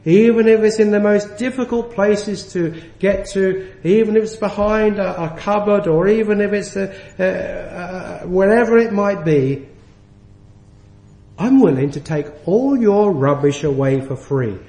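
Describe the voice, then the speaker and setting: A man delivers a sermon at an unhurried pace, leaning on key words as he goes. His voice sits fairly high. The sound carries the echo of a church hall. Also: gravelly, dark tone. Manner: earnest, slows and stresses key words. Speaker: preacher.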